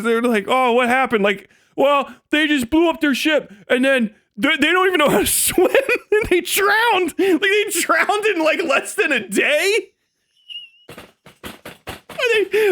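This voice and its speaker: A man's voice: extremely high pitch, pushed and bright. A man streamer ranting live, profane and mocking, often breaking into laughter as he riffs and acts out quoted voices. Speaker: livestreamer. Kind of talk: live stream commentary rant.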